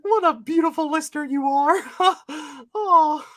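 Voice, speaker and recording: A man voicing a cheerful cartoon mouse in a giggly falsetto. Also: a little slow, a bit bright, no echo. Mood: giddy.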